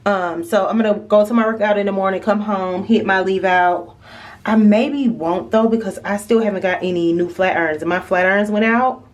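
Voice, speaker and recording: A chatty woman talks straight to her viewers in a casual home vlog. Her voice, at a middle pitch, rings through an echoey room, caught by a camera set some way off. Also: steady tone, moderate pace, recorded from a distance. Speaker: vlogger.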